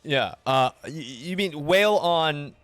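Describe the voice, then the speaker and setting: A man's voice: fairly high pitch, expressive, slow, fairly bright tone, no room sound. A man narrating a tabletop game as game master, describing scenes with many restarts and repeated words.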